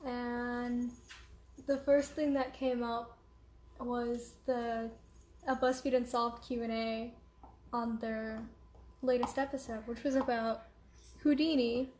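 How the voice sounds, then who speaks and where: A woman's voice: fairly high pitch, flat delivery, slow pace, long pauses, darkish tone, roomy sound, a little hiss or hum. A young woman chatting casually and rambling at home, distracted, with lots of fillers. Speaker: vlogger. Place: room at home.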